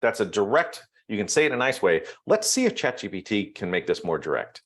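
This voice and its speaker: This is a man leading a live online session for real estate agents. His voice sits a little low, and his delivery is casual and unscripted. He thinks aloud as he types, often pausing on ums. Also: very animated.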